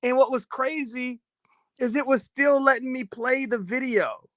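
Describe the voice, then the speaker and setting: A man's voice: extremely high pitch, unhurried, a bit bright, dry recording, clean studio sound. A middle-aged man casually chatting on a phone live stream while walking around his house, loose and profane, laughing often.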